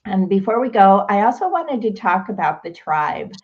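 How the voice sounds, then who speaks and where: A woman's voice: medium pitch, very animated, moderate pace, muffled recording. A woman hosting a live online show, encouraging her guest and addressing viewers. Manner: encouraging, frequent affirmations. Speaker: host.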